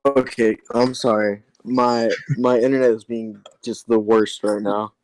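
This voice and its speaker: A man's voice: medium pitch, little pitch movement, a little slow, over music, poor audio. Male podcast guest, apologetic, eager, glitchy voice-chat line. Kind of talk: casual chat.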